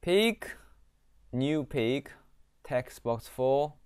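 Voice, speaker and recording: A man giving a screen-recorded programming lesson, reading code aloud and often pausing on "okay". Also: mid-range voice, animated, darkish tone, smooth, no echo, clean studio sound. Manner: slow, repeats "okay", reads code aloud. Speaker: programming teacher. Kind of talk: screen-recorded coding tutorial.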